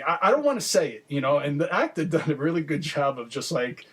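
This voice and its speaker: A man's voice: a little high, lively intonation, fairly quick, few pauses, a bit bright. Chuckling man co-hosting a podcast. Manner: chuckling, enthusiastic storyteller. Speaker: podcast co-host. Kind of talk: casual podcast chat reminiscing about a show.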